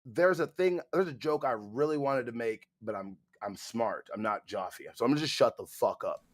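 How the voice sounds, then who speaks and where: A man's voice: medium pitch, normal speed. A man co-hosting a livestream in casual chat, joking and a bit sheepish. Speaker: co-host.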